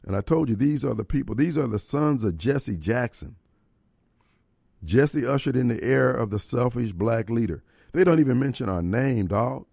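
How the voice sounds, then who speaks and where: Fiery talk radio host, gravelly. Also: male voice, mid-range voice, expressive, moderate pace, a little mellow, dry recording, clean studio sound. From Mississippi. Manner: blunt, fiery, emphatic.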